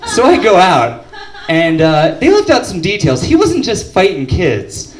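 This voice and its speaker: A young man doing stand-up comedy, telling his story mostly deadpan, then jumping up to shouted punchlines, with his pitch swinging widely. His voice sits on the higher side for a man. He is recorded from a distance in a roomy club, with audience laughter behind him. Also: measured pace, noisy background.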